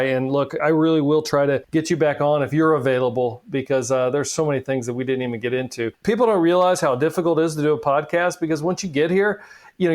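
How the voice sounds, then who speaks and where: A man hosting a podcast, chatting casually with a guest and joking lightly as he runs a quick game. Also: on the high side, a little mellow. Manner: friendly, joking, quick asides. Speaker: podcast host. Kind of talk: casual interview chat.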